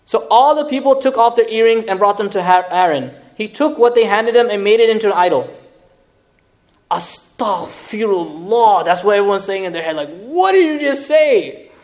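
A man giving an animated lecture on scripture as an Islamic teacher, with lively, dramatic retelling and laughing asides. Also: high voice, normal speed.

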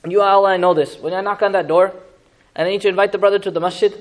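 A man teaching a Quran lesson in a lively, conversational way, asking the audience questions and making joking asides. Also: high-pitched, very fast. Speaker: Islamic teacher.

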